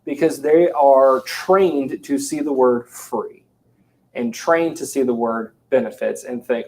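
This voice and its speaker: A man's voice: medium pitch, takes it slowly, poor audio. A man co-hosting a casual sales talk show, telling stories animatedly and acting out the quotes. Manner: animated storyteller, acts out quotes. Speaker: podcast co-host.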